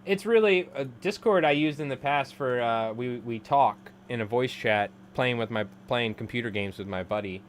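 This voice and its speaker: A man's voice: mid-range voice, moderate pace, hardly any pauses, a little hiss or hum. A man in his thirties chatting casually on a live stream while tying flies, rambling and laughing often. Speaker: live-streaming fly tyer.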